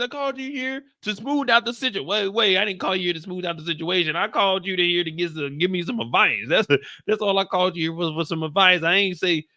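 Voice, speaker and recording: Bright-voiced animated man recapping TV. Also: high voice, fast talker, few pauses, dry recording, studio quality. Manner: animated, slangy, joking. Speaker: show host. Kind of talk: casual TV recap commentary.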